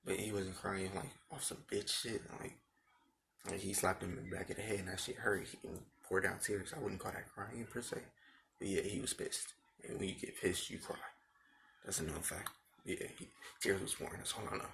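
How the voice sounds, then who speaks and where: A man's voice: low-pitched, steady tone, moderate pace, vocal fry, fairly bright tone, slight background noise. A young man telling a rambling, profane story about his school days in casual talk, repeating himself often.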